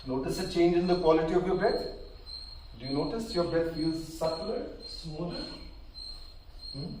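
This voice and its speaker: Man guiding yoga breathing, echoey hall. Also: fairly high pitch. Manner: calm, counting slowly, gently checking in. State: slightly out of breath. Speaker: yoga instructor. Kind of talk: guided breathing instruction. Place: large hall at a live session. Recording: very echoey hall, distant mic, faint noise.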